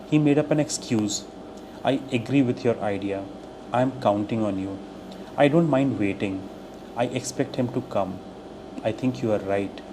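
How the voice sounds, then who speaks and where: A man teaching English, reading short everyday phrases aloud one by one in a clear, deliberate way. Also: medium pitch. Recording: steady air-conditioner hum behind voice.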